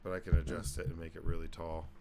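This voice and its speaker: Dry-joking, low-voiced male co-host. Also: completely flat delivery, fast, gravelly, mellow, a little hiss or hum. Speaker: podcast co-host. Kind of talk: casual podcast chat.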